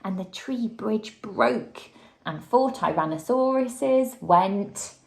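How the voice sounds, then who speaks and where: A woman, a teacher, reading a picture book aloud to a child, shouting out the dinosaurs' lines and chatting about the pictures. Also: mid-range voice, slow, vocal fry. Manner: lively, acts out the dinosaurs' shouts and chats with the child. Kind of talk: storybook read-aloud.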